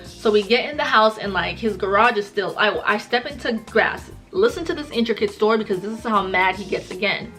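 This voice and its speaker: A woman's voice: mid-range voice, brisk, fairly bright tone, soft background music. A woman vlogger retelling a personal story in a casual, chatty way, full of "like" and fillers.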